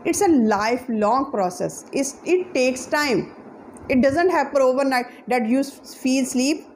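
High-voiced woman urging learners on. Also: animated, measured pace, a little mellow, a little hiss or hum, poor audio. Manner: earnest, repetitive exhortations with non-native grammar slips. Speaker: English teacher. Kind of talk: motivational English lesson.

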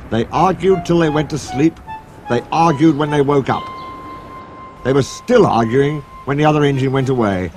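A man narrating a children's story with an expressive reading manner. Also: mid-range voice, moderate pace. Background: music.

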